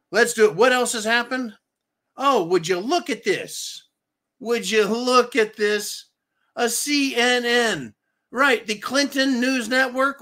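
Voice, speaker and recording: A man's voice: high voice, sharp tone. A man hosting a political commentary show, ranting in a profane, sarcastic way, repeating phrases for emphasis and calling his listeners folks. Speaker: host.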